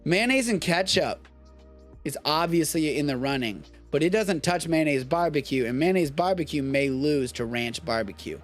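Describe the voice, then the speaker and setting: A young man hosts a live stream with loose, animated banter and plenty of cursing. His voice sits a little on the high side, and faint music plays quietly behind him. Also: moderate pace. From Texas. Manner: profane, animated riffing. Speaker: host of a live streamed show. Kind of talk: casual live-stream chat.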